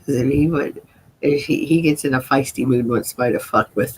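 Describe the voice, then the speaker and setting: Woman streamer, casual and profane, laughs often; husky edge, very animated pitch. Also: unhurried, low-quality recording. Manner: rambling, profane, laughs a lot. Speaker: livestream host. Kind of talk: casual livestream chat. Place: at home, seated.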